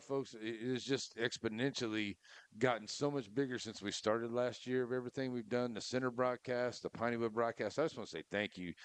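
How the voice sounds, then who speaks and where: A man co-hosting a local sports radio show, folksy and animated, laughing often. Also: fairly low pitch, smooth, no echo. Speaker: co-host. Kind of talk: casual radio talk.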